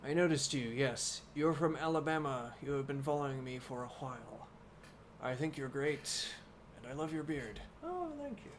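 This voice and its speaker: A man's voice: mid-range voice, steady tone, background noise. Man reading a bedtime story aloud. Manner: unhurried reading, musing asides to viewers. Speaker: live streamer reading a novel aloud.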